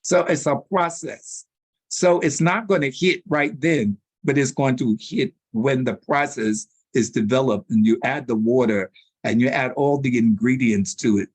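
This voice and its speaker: A man telling stories as a guest in a sit-down interview, animated and slangy. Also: mid-range voice, measured pace, husky, no room sound. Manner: animated storyteller with street slang. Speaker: public relations consultant, interview guest.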